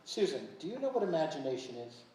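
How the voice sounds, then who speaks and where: A woman in a community stage play playing Kris Kringle, a gentle, kindly old man who coaxes a child patiently. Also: sits low, big pitch swings, quick pace, slight background noise. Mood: coaxing. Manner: patient, coaxing storyteller tone. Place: stage in an arts center. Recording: echoey hall picked up from far off.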